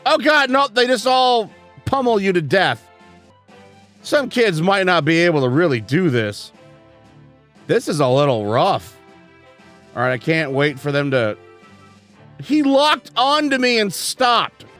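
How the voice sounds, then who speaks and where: A man's voice: high-pitched, very animated, a little slow, long pauses, a bit bright, faint music behind. A man reviewing a video game as he plays, exasperated and sarcastic, swearing often. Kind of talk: let's-play commentary.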